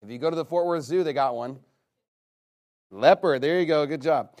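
A man leading a casual game with an audience. He reads a long list aloud and breaks it up with quick, teasing asides. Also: fairly high pitch, a little mellow. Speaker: game leader reading out his list to players.

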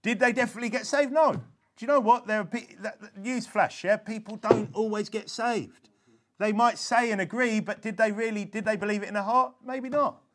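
A man's voice: sits high, fairly quick, fairly bright tone. A man giving an informal religious teaching talk, earnest and emphatic, often checking in with "okay?" and restarting his phrases. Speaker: evangelism instructor.

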